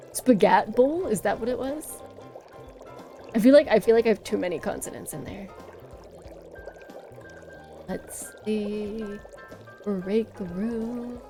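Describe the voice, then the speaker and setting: A woman's voice: mid-range voice, darkish tone. A woman streamer chatting casually on a livestream, playful and giggly, rambling as she talks.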